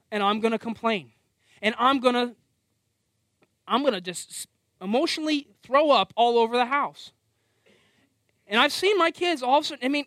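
A man's voice: very high-pitched, no room sound, clean studio sound. A middle-aged man preaching a sermon, conversational and self-deprecating, often acting out voices. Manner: animated, acts out quoted voices.

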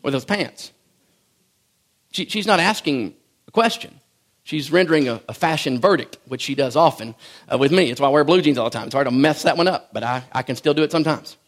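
A middle-aged pastor preaching a sermon in a conversational, folksy way, swinging from loud bursts to hushed asides. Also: male voice, fairly high pitch, lively intonation, quick pace. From rural farm background.

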